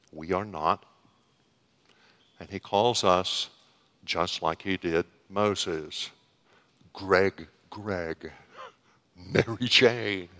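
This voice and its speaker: A man preaching a sermon, slow and deliberate, with dramatic pauses. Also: on the low side, bright, forceful tone. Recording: long reverb of a hall.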